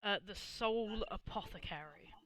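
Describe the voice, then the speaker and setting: Game master, bright voice, hesitant, ums and restarts, tabletop narration. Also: medium pitch, unhurried.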